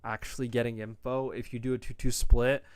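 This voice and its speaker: A young man streaming and reviewing an esports match, talking in loose, slangy, profane chatter that he calls monotone himself. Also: medium pitch, fairly quick, smooth, no echo. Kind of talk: casual esports stream commentary.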